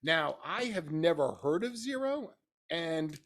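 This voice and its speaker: A middle-aged man co-hosting a relaxed podcast, his voice sitting a little high for a man. He tells stories in a loose, rambling way and often laughs at himself. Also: takes it slowly. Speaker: podcast co-host. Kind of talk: casual chat.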